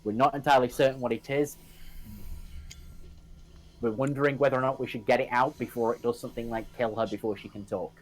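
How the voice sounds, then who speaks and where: A man's voice: medium pitch, steady tone, quick pace, pauses often, rough recording. A man as a player in a tabletop game, chatting casually and explaining plans.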